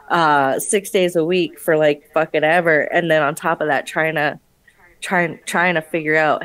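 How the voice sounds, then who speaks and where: A woman's voice: sits low, fairly even intonation, unhurried, fairly bright tone. A sleep-deprived woman hosting a casual stream, rambling and swearing, laughing often.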